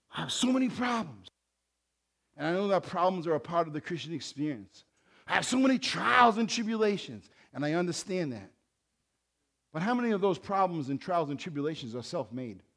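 A man in his late sixties preaches a sermon. His voice sits high and bright. He swings between emphatic declarations and soft, chatty asides to the congregation. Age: 60s. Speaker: pastor.

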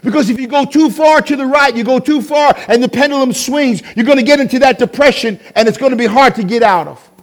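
A man preaching a sermon as pastor, impassioned, swinging from loud shouting to low, quiet intensity. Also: fast talker, few pauses.

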